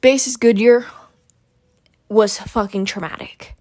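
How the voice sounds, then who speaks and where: A young woman from Arizona talks straight into a dry, close recording, her voice sitting high as she vents. She swears constantly and hammers points home by repeating them, in a heated solo podcast monologue. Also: fairly even intonation, slow pace, a little mellow, no room sound. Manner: heated, profane ranting with emphatic repetition. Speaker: podcast host.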